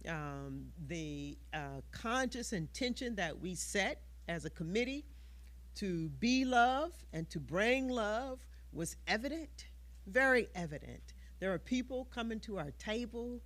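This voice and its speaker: Woman minister talking slow at sunday service, lots of ums, middle pitch. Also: lively intonation. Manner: slow, warm-hearted, with many fillers. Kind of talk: church announcements. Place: church service.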